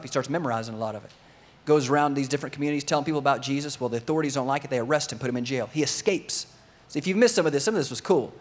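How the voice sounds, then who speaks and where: A man preaching a sermon to his congregation, telling a story with lively energy and sometimes acting out the voices of its characters. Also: mid-range voice. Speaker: pastor.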